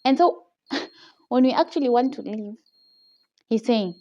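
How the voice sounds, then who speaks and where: A woman's voice: on the high side, animated, measured pace, warm tone, dull audio. A young woman with a Kenyan accent tells a personal story in a casual vlog. She retells it with animation, often tags her lines with "okay?", and laughs often. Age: young adult. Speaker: vlogger. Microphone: phone camera.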